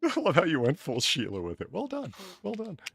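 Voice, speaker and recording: Fields: Sex: man. Role: podcast host. Style: casual chat. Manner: rambling, joking, profane. Pitch: mid, lively range. Behind: faint music. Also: a little fast, vocal fry.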